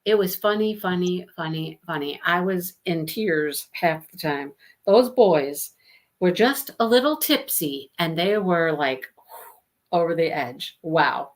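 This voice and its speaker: A woman with a lowish voice speaks slowly while hosting a live book discussion. She chats casually on the stream, tells stories, and laughs often as she reads viewer comments aloud.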